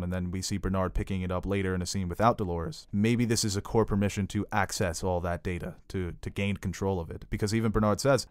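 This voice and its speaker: A man with a lowish voice chatting on a podcast, eagerly spinning out long theories. The sound is dry and close, with no room echo. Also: darkish tone. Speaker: podcast co-host. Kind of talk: casual chat.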